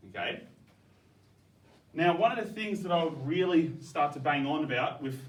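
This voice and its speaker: A male teacher, giving classroom feedback in a coaxing, brisk way, often checking "okay?". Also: a little high, lively intonation. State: out of breath. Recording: echoey classroom, from far off, faint background noise.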